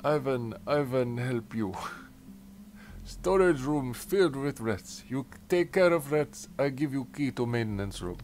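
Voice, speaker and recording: A man reading a foreign mall maintenance man's broken-English lines flatly, in his own voice. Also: medium pitch, a little slow, faint music behind, close to an everyday voice. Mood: blunt.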